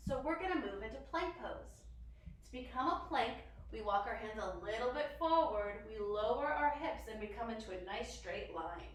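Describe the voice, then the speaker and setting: A woman's voice: fairly high pitch, fairly bright tone. A young woman leading a children's yoga class, bubbly and encouraging, making animal sounds along the way. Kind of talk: guided kids' yoga class. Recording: very echoey room from far off.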